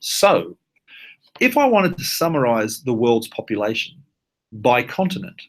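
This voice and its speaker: Chatty Australian man demoing software. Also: medium pitch, husky. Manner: casual, chatty, lots of fillers and asides. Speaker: workshop presenter. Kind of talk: live online software tutorial. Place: at his computer, live webinar.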